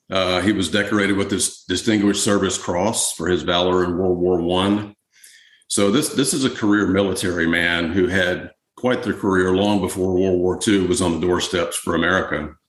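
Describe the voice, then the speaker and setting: Male guest historian, low voice, easygoing interview talk, echoey room. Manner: relaxed, conversational, many fillers. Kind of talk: podcast interview answers.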